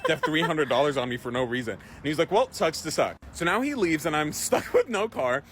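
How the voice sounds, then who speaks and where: A man telling a story in a quick clip, acting out the voices of the people in it and swearing freely. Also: fairly high pitch, slight background noise. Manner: animated, acts out quoted voices, swears freely. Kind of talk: casual storytelling.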